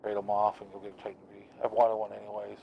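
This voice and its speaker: While gaming on stream, a US man tells profane, laugh-filled stories in casual chat. His lowish voice has vocal fry and a completely flat delivery at a fast clip; the recording's highs are cut off, with slight background noise.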